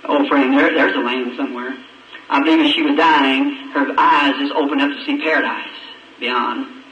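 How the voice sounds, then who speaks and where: A man's voice: medium pitch, fairly even intonation, normal speed, pushed and bright. Folksy preacher man, echoey old recording. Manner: folksy, heartfelt, stammering restarts. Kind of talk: storytelling sermon. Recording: old echoey church recording, distant mic, muffled, hiss.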